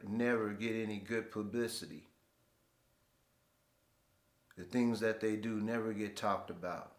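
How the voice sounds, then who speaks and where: Casual storytelling from the host of his own show, in a fairly low voice that sounds roomy. He keeps things relaxed and slangy throughout the monologue.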